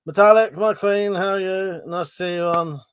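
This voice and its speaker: A man's voice: high voice, steady tone, moderate pace, clean tone. Sweary man chatting on a livestream. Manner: rambling, sweary, laughs often, greets viewers by name. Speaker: livestream host. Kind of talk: casual live-stream chat.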